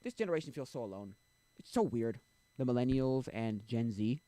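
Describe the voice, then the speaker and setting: A man's voice: mid-range voice, expressive, normal speed, warm tone, dry recording. Rambling young man streaming. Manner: rambling, loses his train of thought. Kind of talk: casual chat.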